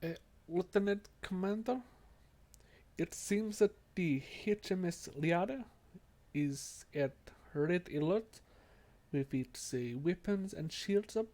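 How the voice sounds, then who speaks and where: A catlike alien lieutenant reports in a deliberately bad Russian accent, stiff and formal. A man puts the voice on during an online tabletop game. The pitch sits slightly raised. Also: mellow. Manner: formal crew report, slow and careful.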